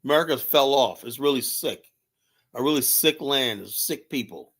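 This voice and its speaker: A livestream host rants in a heated, profane, rambling way, restarting his sentences again and again. His mid-range voice is expressive and fairly bright, moving at a normal speed, and it's picked up by a streaming setup mic.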